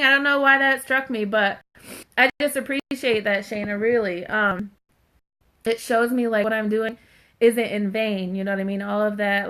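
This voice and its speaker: Woman live from home, chatty and heartfelt, says like a lot, a bit high and bright. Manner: chatty, heartfelt, fills talk with "like" and "you guys". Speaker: livestream host reading viewer comments. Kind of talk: casual live chat with viewers.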